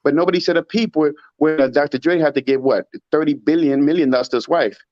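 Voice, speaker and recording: A man's voice: on the high side, fast, darkish tone, no echo. A man in casual talk giving emphatic, rhetorical opinions and mimicking others in a raised voice. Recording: dull muffled audio.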